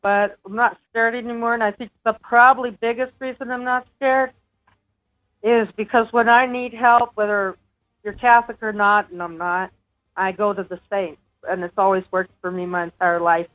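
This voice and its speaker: A woman's voice: mid-range voice, flat delivery, moderate pace. Woman telling a story over lo-fi audio. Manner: earnest storytelling with small laughs. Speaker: guest. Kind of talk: casual interview talk. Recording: dull lo-fi remote audio with faint music.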